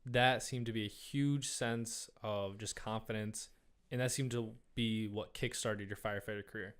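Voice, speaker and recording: A man's voice: fairly low pitch, steady tone, moderate pace, fairly bright tone, clean tone. A young man co-hosting a casual podcast, asking questions and affirming his friend in an upbeat way. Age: young adult. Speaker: podcast co-host.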